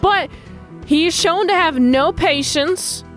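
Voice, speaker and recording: A woman casually reviewing a TV episode, animated and slipping into funny voices as she retells scenes. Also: extremely high pitch, slow pace, faint music behind. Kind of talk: casual recap with acted-out quotes.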